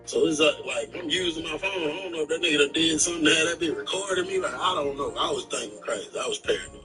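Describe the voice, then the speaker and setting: A man streaming live, telling a story in a casual, animated, slangy way with plenty of swearing. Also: a little high, fast talker, recorded from a distance, poor audio. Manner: animated, slangy retelling with profanity. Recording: voice from off the mic with music behind.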